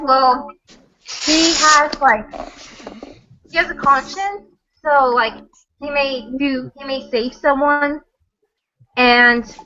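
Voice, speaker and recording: A woman guest works through her answer hesitantly on an online call. Her voice is high and bright, and she speaks slowly. The sound is dull and lo-fi. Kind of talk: casual chat.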